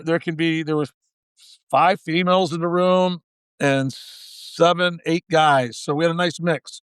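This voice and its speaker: A man's voice: fairly high pitch, fairly bright tone, smooth, no room sound. A man in his sixties, a guest in a podcast interview, telling a long story in a folksy way and acting out the quoted dialogue. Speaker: guest, former baseball manager.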